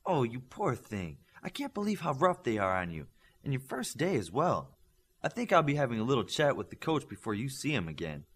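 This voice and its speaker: A man's voice: mid-range voice, big pitch swings, fairly quick, a bit bright, breathy edge, full character voice. A man voicing a proud, stern female teacher with a Scottish accent, dry and pointed in how she speaks. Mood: stern teacherly.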